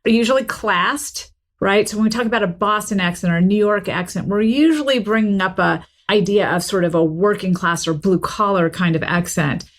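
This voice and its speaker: A woman's voice: mid-range voice, moderate pace, hardly any pauses. A middle-aged woman from the American South, a professor speaking in an articulate, explanatory way during an interview. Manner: articulate, explanatory, steady flow. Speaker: linguistics professor and author, guest. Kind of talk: casual interview talk.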